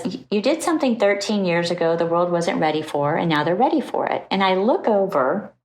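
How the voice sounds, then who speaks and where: A middle-aged woman guest on a podcast, telling her story in an animated, chatty way and acting out the voices of people she quotes. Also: lowish voice, low-quality recording. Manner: animated, acts out quoted voices, laughs easily. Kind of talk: storytelling in a conversational interview.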